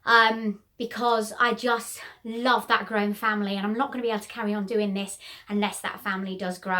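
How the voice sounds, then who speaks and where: A woman's voice: a little high, brisk, hardly any pauses, fairly bright tone. A middle-aged woman hosts a casual DIY craft tutorial, talking in a bubbly, rambling way with frequent ums. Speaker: host of a home crafts channel.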